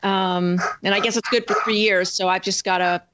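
A woman's voice: mid-range voice, fairly even intonation, moderate pace, very noisy. A woman author talking as a guest in an interview, chatting loosely with many fillers. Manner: rambling, lots of fillers and restarts. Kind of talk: casual interview chat.

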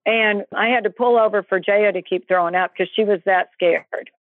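A woman's voice: mid-range voice, fairly even intonation, moderate pace, dry recording. Earnest woman telling a story over a phone-like line. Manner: earnest, breathless storyteller, acts out quotes. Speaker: interview guest. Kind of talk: emotional personal storytelling.

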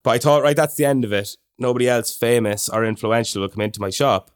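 A young man with an Irish accent, chatting casually on a podcast and spinning a story with plenty of asides. His pitch sits in the ordinary middle range for a man. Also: fast, clear, resonant tone. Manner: chatty anecdotal storyteller, animated impressions of others. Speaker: podcast co-host.

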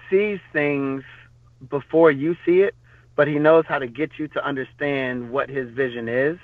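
A man's voice: medium pitch, no room sound. A man tells long, rambling stories as a podcast guest, full of fillers and restarts. His voice sits in the middle register and comes through a tinny, phone-like line with no room sound. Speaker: podcast guest, former bodyguard. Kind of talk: casual storytelling interview.

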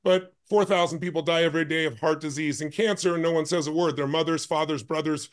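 A man telling a story as a podcast guest, his voice pitched somewhat high for a man. He talks with strong emphasis and rushes ahead in fast bursts. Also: steady tone. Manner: emphatic, intense, speeds up in bursts. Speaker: guest, life and business strategist.

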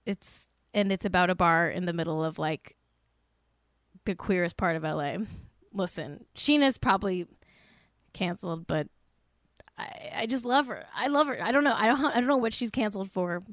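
A woman's voice: fairly low pitch, expressive, moderate pace, no echo, studio quality. A woman giving exasperated, sarcastic commentary in a casual vlog, filling her talk with "like".

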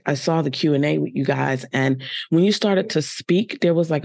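Low-voiced woman host, dry sound. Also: gravelly, breathy edge, no echo. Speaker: podcast host. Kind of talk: casual interview chat.

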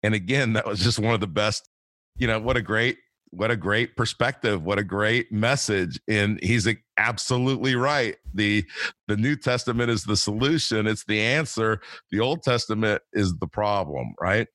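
Low-voiced rambling man in his fifties. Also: moderate pace, fairly bright tone, no room sound. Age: 50s. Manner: rambling, repeats words, many fillers. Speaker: podcast host. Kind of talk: casual interview chat.

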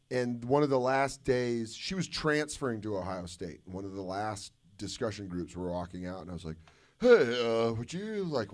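A man, a comedian, telling self-mocking stories in profane live podcast banter on a stage before an audience. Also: on the low side. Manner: profane, self-mocking storytelling with animated put-on voices. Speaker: comedian guest.

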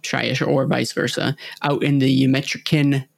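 Creaky-voiced, hesitant male podcast host. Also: mid-range voice, level tone, a little slow, no room sound. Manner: hesitant, many ums and restarts. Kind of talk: casual chat.

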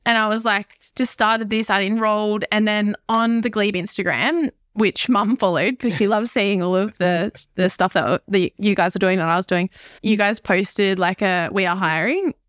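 A young woman, a podcast guest telling a candid, animated personal story. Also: mid-range voice, moderate pace, dry recording, studio quality. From Australia.

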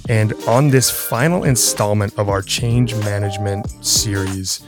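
There's music in the background as a middle-aged podcast host chats casually through a story, laughing frequently and doing the characters' voices. He talks a little slowly in a lowish voice.

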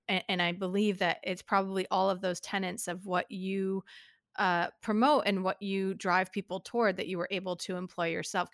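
A woman's voice: lowish voice, fairly bright tone, clear, resonant tone, no room sound, clean studio sound. A woman hosting an interview over a remote call, engaged and affirming, asking long rambling questions. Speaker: interview host. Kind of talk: conversational interview. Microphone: remote call audio.

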